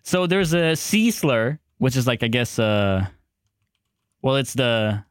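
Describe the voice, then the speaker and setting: A man's voice: medium pitch, lively intonation, slow pace, smooth, dry recording. Man, podcast co-host, rambling, casual banter, dry close mic. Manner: rambling, restarts and laughs.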